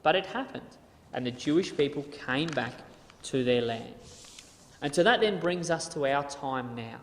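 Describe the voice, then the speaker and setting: A man's voice: on the high side, lively intonation, unhurried, a little hiss or hum. A man giving a conversational Bible talk with slides, often repeating words and restarting as he reads quotes aloud. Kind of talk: casual lecture with slides. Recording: echoey hall with long reverb.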